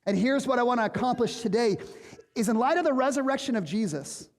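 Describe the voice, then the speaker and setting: A man's voice: very high voice, animated, brisk, long reverb tail. A man preaching a sermon as pastor, conversational and emphatic, asking rhetorical questions of his congregation. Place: church sanctuary.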